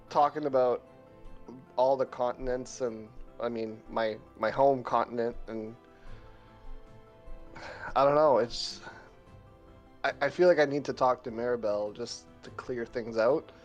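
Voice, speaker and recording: A man's voice: medium pitch, fairly even intonation, takes it slowly, long pauses, soft background music. A man playing a tabletop game, speaking hesitantly and trailing off with fillers. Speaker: player. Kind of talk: casual tabletop game chat.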